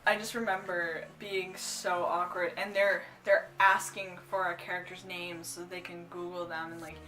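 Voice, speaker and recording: Bright-voiced young woman telling a rambling story. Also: on the low side, normal speed, faint music behind. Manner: rambling, full of "like" and "um"; giggly, bursts into excited squeals. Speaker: cosplay vlogger. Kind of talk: casual story time.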